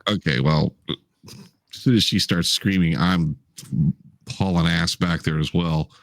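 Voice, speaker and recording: A man's voice: deep voice, fairly even intonation, a little slow, creaky, no echo. A man playing a tabletop game, stammering and flustered as he acts out panic in character. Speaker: player.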